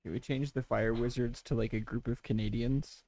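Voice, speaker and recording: Quick-talking young man player. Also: medium pitch, fairly even intonation, a little mellow. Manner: quick, casual suggestions. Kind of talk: tabletop game play.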